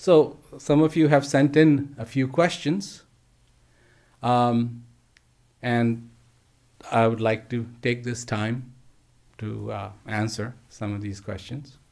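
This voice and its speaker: A man giving a slow storytelling talk to teachers, gentle and emphatic, with repeated phrases and pauses. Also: mid-range voice, steady tone, gravelly. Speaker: speaker addressing teachers. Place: live online address.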